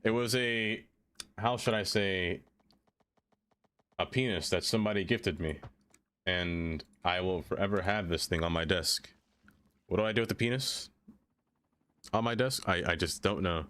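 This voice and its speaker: A young man streaming live, chatting casually with viewers in an animated, joking way and laughing often. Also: low voice, unhurried, pauses often.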